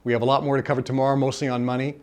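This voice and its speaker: A man's voice: medium pitch, level tone, rapid-fire, darkish tone. A man speaking at a live self-help seminar, earnest and repeating his key phrases for emphasis. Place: seminar room with a live audience.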